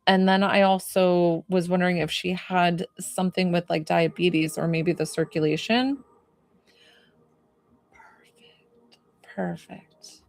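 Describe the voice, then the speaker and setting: A woman's voice: lowish voice, fairly even intonation, moderate pace, few pauses, no echo. A woman giving a spiritual medium reading in an effusive, emotional way with many fillers.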